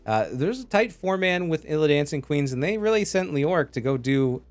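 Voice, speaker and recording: A man's voice: on the high side, big pitch swings, fairly quick. A man casting a live esports match, chatty and joking as he reads out chat messages. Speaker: esports caster.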